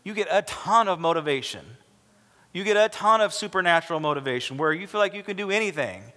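A man's voice: high-pitched, animated, brisk, pushed and bright, long reverb tail. A man preaching a sermon as pastor, talking emphatically and acting out the voices in the stories he tells. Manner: emphatic, acts out quoted dialogue.

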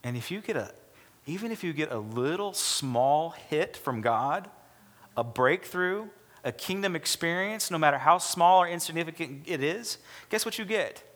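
A man's voice: fairly high pitch, lively intonation, normal speed, a bit bright, big-room sound. A man preaching a sermon as pastor, talking emphatically and acting out the voices in the stories he tells. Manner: emphatic, acts out quoted dialogue.

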